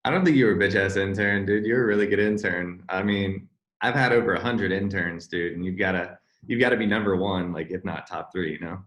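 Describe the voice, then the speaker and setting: Young dude guesting on a podcast, chill and cussing, lowish voice, kinda echoey room. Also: male voice, fairly quick, muffled recording. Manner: relaxed, profane, easygoing. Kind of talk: casual chat. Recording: roomy echo.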